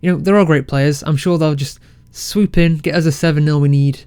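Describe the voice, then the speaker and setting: Excitable man narrating a game, dry close mic. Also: a little high, fairly quick, clean tone, no room sound. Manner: excitable, self-mocking, rambling with restarts. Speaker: game let's-play creator. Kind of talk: casual game commentary.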